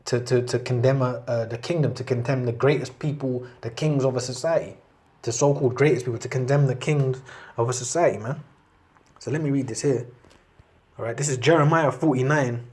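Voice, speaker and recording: A man's voice: medium pitch, mellow. A man preaching in a loose, conversational way, reading scripture aloud and often ending lines with "man". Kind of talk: casual street-style preaching with scripture reading.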